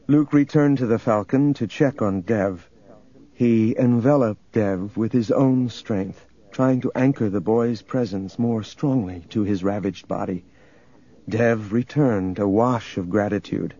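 Husky male audiobook narrator. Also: fairly low pitch, unhurried, dark tone, dull audio. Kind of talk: scripted narration.

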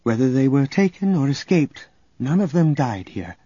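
A man's voice: mid-range voice, big pitch swings, normal speed, slightly rough, no echo. A man voicing a grieving young woman who speaks earnestly and reproachfully, in a storybook reading. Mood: somber. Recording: dull audio under loud music.

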